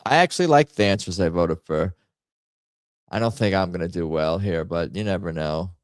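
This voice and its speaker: A man with a fairly low voice chats casually while he plays a party game on stream. He rambles and jokes at his own expense. The sound is dry and close, with no room echo. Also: normal speed. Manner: rambling, jokey, self-mocking commentary. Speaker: stream host playing party games.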